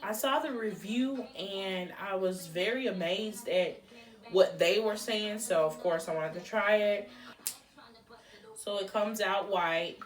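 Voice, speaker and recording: Slow-talking woman vlogger, roomy sound. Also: lowish voice, recorded from a distance. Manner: chatty, exclaiming, drawn-out reactions. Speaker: beauty vlogger. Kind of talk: casual product unboxing chat. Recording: roomy echo, a bit off-mic, faint music.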